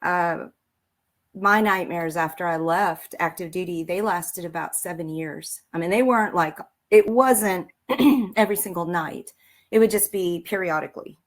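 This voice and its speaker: A woman's voice: on the low side, a little slow. A woman military veteran and author telling her story in a casual interview, rambling with many fillers and restarts.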